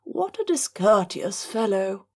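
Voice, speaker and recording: A woman's voice: medium pitch, sing-song, slow pace, darkish tone, slightly rough, pitched above the performer's own voice, exaggerated voice. A woman reading an audiobook, voicing a dry, sarcastic middle-aged noblewoman.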